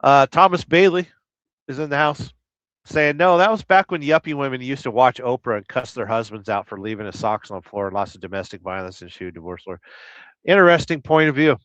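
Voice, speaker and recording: A man's voice: medium pitch, brisk, fairly bright tone, dry recording. A middle-aged man from Southern California who drives a truck and rambles crudely through viewer comments in a casual live stream, humming nonsense syllables between them. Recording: slightly dull lo-fi sound.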